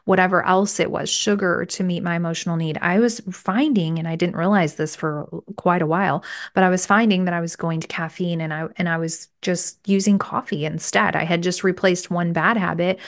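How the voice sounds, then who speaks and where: A woman's voice: on the low side, fairly even intonation, brisk. A woman in her forties hosting a faith-based podcast, sharing her own story in a candid, conversational way. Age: 40s. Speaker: podcast host.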